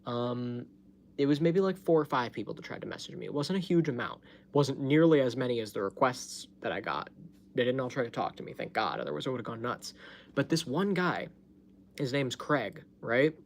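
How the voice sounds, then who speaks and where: A man's voice: medium pitch, very animated, moderate pace, vocal fry, slight background noise. A man hosting his own live stream, chatting casually and telling a story, laughing often and swearing freely, recorded on a phone at home. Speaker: livestream host.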